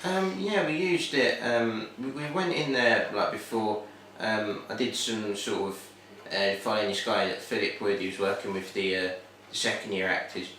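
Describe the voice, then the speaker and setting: A man's voice: lowish voice, moderate pace, few pauses, a bit bright, a little hiss or hum. A young man with a Cockney accent, a student answering interview questions in a rambling way, full of "sort of" and "like". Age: young adult. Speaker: TV production student. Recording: very echoey room, distant mic.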